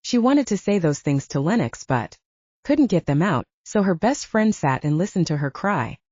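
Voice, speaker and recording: A woman narrating a romance audiobook with expressive storytelling. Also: fairly low pitch, normal speed, dry recording, muffled recording. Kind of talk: scripted narration.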